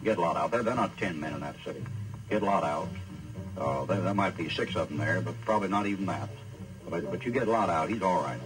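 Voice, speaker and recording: A man preacher voicing the Lord as a calm, brisk traveler giving orders in a low voice. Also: over music, close to an everyday voice, low-quality recording. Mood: commanding.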